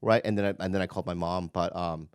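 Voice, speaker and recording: A man in casual chat, self-mocking and quick to laugh, owning up to his own faults. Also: sits low, steady tone, clear, resonant tone, no room sound, clean studio sound. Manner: self-mocking, laughs easily, lots of backchannel yeahs. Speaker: podcast co-host.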